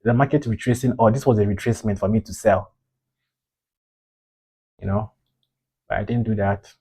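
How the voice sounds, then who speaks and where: Frustrated, husky-voiced male trader. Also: lowish voice, fairly even intonation, moderate pace, mellow. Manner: frustrated, rambling, scolding himself. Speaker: day trader reviewing his trades. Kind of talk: casual self-critical trade review.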